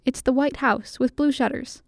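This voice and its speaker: Woman doing a proper church lady, reserved but pleased, brighter and higher than the narration. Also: steady tone, moderate pace, no room sound, clean studio sound. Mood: delighted, proper.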